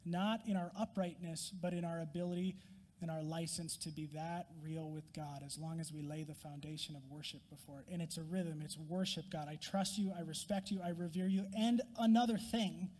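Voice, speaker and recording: Male pastor, high voice, emphatic sermon delivery, dramatic swings to whispers, long hall echo. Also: fairly even intonation, moderate pace, darkish tone.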